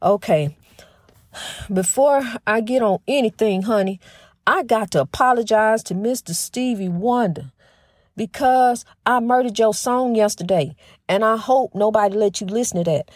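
A middle-aged woman with a fairly high voice hosts a spiritual talk show, rushing her words, stumbling and restarting with a slight stutter. She is folksy and emphatic and calls her listeners "honey". The sound is dry and close, with no room around it. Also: darkish tone, dry recording. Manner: fast talker with a slight stutter, restarts often. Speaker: host of a faith-based talk program. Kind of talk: casual spiritual monologue.

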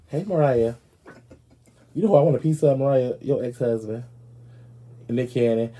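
Husky, brash gossip-show host. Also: male voice, mid-range voice, moderate pace, long pauses, mellow. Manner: brash, profane, gossipy ranting. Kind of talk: sassy comedic commentary.

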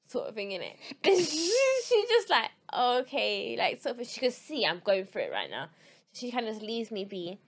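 A woman's voice: a little high, fairly quick. A young woman, telling a story in a casual chat among friends and acting out what others said. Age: young adult. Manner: animated, swearing, acting out quotes.

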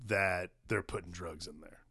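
A man's voice: low-pitched, fairly even intonation, normal speed, sharp tone, husky, no echo. A man co-hosting a casual comedy podcast about a movie, chiming in with dry, laid-back agreement and asides. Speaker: podcast co-host.

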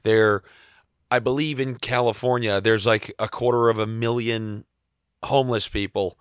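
A man hosting a podcast in casual chat, his voice hoarse and husky from shouting, talking in a wry, self-deprecating way. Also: lowish voice, fairly even intonation, normal speed, dry recording, studio quality. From East Coast United States. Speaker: podcast host.

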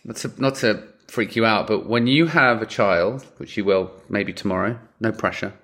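A man co-hosting a podcast in casual chat, animated and emotional, swearing freely. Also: on the low side, moderate pace. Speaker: podcast co-host.

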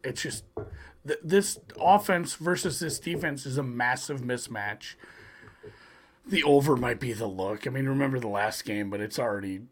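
Man, mid-pitched voice, blunt, offhand, sports betting chat. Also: moderate pace.

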